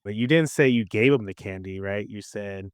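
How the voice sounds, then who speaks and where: Very deep-voiced man hosting a podcast. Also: normal speed, smooth, no room sound, studio quality. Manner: reflective, summing up the guest's point. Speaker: podcast host. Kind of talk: podcast interview.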